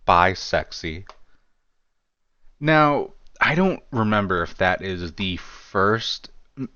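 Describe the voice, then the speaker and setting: Male commentary creator, slow deep-ish delivery, casual rambling, muffled lo-fi sound. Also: lively intonation, sharp tone, clear, resonant tone, no echo. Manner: rambling, heavy on fillers like "you know" and "like"; wry, self-deprecating asides. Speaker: true-crime commentary creator. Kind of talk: casual video commentary reading chat logs.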